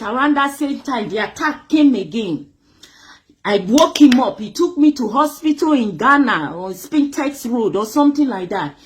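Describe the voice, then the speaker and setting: A woman from Nigeria, telling her personal story with drama and acting out the voices of others. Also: high-pitched. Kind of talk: emotional personal testimony.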